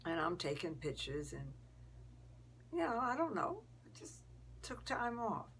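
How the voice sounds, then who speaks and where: A woman's voice: on the low side, big pitch swings, measured pace, a bit bright, a little hiss or hum, heavily acted. A woman voicing a cautious young woman, talking in an earnest, slightly defensive way.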